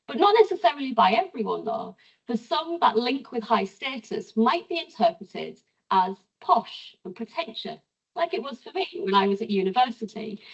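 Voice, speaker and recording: A middle-aged woman with a Teesside accent, giving a measured, explanatory university lecture as a sociolinguistics professor. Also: on the high side, vocal fry, slightly rough. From North East England. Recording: distant mic, dull lo-fi sound.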